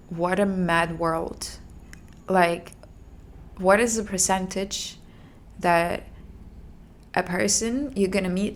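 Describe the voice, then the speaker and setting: Slow, gravelly-voiced young woman telling a story. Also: on the low side. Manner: halting, emotional recounting with restarts and soft sighs. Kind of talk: personal storytelling.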